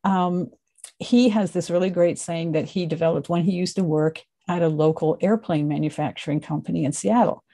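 A woman's voice: on the low side, fairly even intonation, moderate pace, mellow. A woman with a Canadian accent giving a conversational webinar presentation, explaining ideas with occasional fillers.

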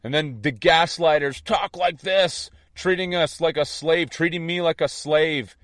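A man's voice: a little high, measured pace, a bit bright, no echo, clean studio sound. A man giving an impassioned spiritual monologue, intense and defiant, repeating his points. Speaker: online preacher.

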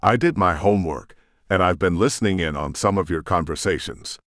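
A man's voice: low-pitched, fairly quick, a bit bright, no room sound, clean studio sound. Man voicing a sneering vengeful rogue shifter. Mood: mocking. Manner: sneering, taunting.

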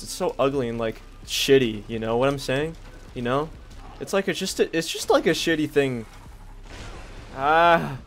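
A young man giving crude, rambling commentary while playing a game, yelling at it when things go wrong. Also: mid-range voice, moderate pace. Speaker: gaming streamer. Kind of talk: casual gameplay commentary.

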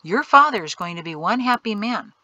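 A man's voice: high voice, lively intonation, moderate pace, sharp tone, no room sound, muffled recording, heavily acted. A woman reading aloud voices a friendly man who teases and warns lightly. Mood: teasing.

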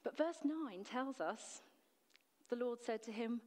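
A woman's voice: a little high, expressive, slow pace, a little mellow, big-room sound. A woman preacher delivering a sermon in an earnest, emphatic way, full of rhetorical questions. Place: church.

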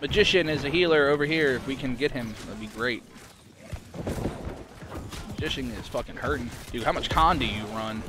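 A man giving casual, excitable commentary while playing an online combat game, swearing and calling out targets to teammates. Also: mid-range voice, normal speed, pauses often, heavy background noise. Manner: excitable, swears a lot, laughs often. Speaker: gamer streaming his point of view in a clan war. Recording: music playing behind.

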